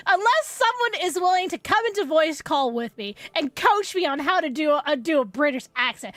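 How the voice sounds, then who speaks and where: A woman's voice: high voice, a bit bright, no room sound. A woman streaming, chatting casually and playfully with viewers, giggling often. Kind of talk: casual live-stream chat.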